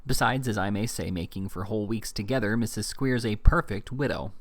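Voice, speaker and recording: A man's voice: fairly low pitch, fairly quick, no echo. A man reading as a crude, evasive schoolmaster. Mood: uneasy. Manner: evasive, pleading, fidgety. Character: crude, uneasy male schoolmaster.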